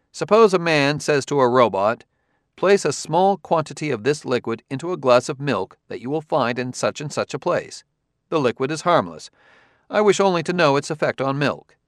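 A man's voice: mid-range voice, no echo, studio quality, voice pushed up, natural voice. A man voicing an insistent adult male detective who presses his questions methodically, read as an audiobook character.

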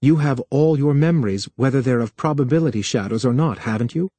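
A man voicing an earnest male technician who talks in an insistent, pleading way, often lower and quieter. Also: a little fast, husky, no echo, natural voice. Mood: coaxing.

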